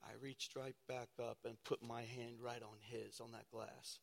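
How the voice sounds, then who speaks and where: A man, a pastor, preaching a sermon with dramatic storytelling that swings from loud to hushed. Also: medium pitch, flat delivery, a little slow, creaky. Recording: long hall reverb.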